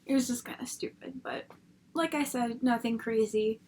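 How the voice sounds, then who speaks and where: A woman's voice: fairly high pitch, moderate pace, a little mellow, slight background noise. A young woman reviewing a TV episode from home at her laptop, chatty and rambling, swearing freely. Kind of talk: casual spoken review.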